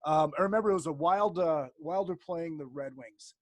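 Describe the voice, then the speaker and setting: High-voiced, rambling, swearing man. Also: moderate pace, no room sound. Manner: rambling, heavy swearing, many fillers. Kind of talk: casual chat, storytelling.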